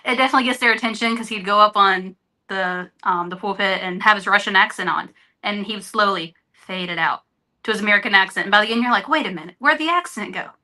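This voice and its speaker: A woman's voice: medium pitch, steady tone, fast talker, sharp tone. A woman guest on a podcast, speaking earnestly and openly in candid conversation. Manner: earnest, openhearted storytelling. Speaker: interview guest.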